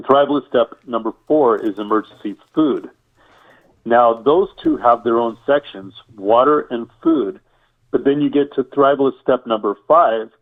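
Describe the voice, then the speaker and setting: A man talks as a guest in an interview, explaining step by step and piling up lists and rhetorical questions. His voice sits at a middle pitch and comes through a narrow, tinny line like a phone call. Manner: enumerating, repetitive, rhetorical questions. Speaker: survival expert guest.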